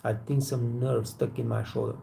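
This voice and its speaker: Man, gravelly, mellow tone, rambling, swears, faint background hiss. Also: medium pitch, level tone, moderate pace, poor audio. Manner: rambling, repetitive, swears freely. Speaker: waiter trainer hosting a live Q&A. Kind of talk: casual live Q&A chat.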